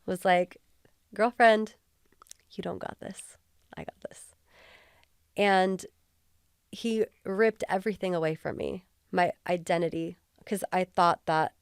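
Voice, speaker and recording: Earnest woman, lowish voice, dry sound. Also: clean tone, no echo. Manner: earnest and heartfelt, filler-heavy. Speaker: podcast guest, former police officer. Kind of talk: candid interview conversation.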